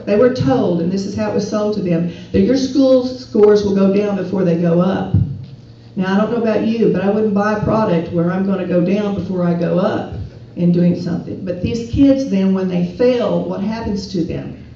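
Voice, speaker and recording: A woman's voice: medium pitch, moderate pace, dark tone. A woman giving an earnest, persuasive speech to an audience at a rally, often putting questions to the listeners. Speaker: speaker at a political rally. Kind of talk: public speech. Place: event hall. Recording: echoey hall, distant and dull.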